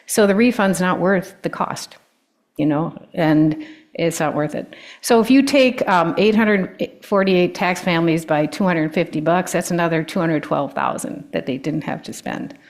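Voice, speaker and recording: A woman, an older guest speaker giving a personal talk with stories, often pausing with ums and restarting sentences. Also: fairly low pitch. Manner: warm storytelling, with frequent ums and restarts.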